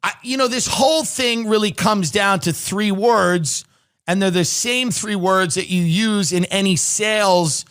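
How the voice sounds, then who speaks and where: Man, podcast host, sardonic comedic riffing, high pitch, sharp tone. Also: a little slow, clear, resonant tone. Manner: sardonic, reads news articles aloud and riffs on them. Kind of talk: comedic commentary.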